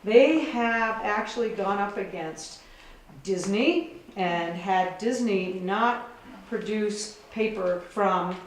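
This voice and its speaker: A woman's voice: medium pitch, slow, slight background noise. A middle-aged woman from Minnesota giving rambling, self-deprecating remarks at a benefit event, chatty and informal. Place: large echoey event room. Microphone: distant room mic. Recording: roomy echo, far from mic.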